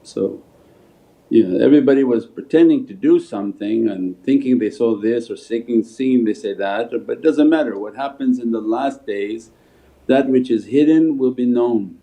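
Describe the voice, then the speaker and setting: In a mellow, medium-pitched voice at a normal pace, a Sufi shaykh offers spiritual teaching and replies to questions, telling stories as he goes. The livestream audio has a phone-like quality.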